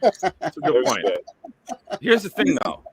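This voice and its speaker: A man's voice: fairly high pitch, measured pace, creaky, background noise. A man hosting a casual live-stream chat, telling stories with energy and swearing freely. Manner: animated storyteller, swears freely. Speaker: show host.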